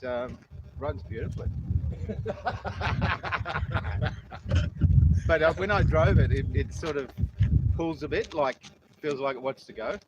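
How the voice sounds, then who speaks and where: A man chatting casually outdoors in a relaxed, easygoing way. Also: a little high, normal speed, highs cut off. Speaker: guest. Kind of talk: casual chat. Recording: loud outdoor noise.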